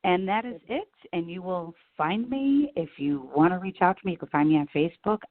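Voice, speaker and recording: A woman from the Chicago area, a radio reporter guesting on a podcast, telling stories in an animated, self-deprecating way. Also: on the low side, fairly quick, no echo. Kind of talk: casual interview chat. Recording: tinny phone-like sound.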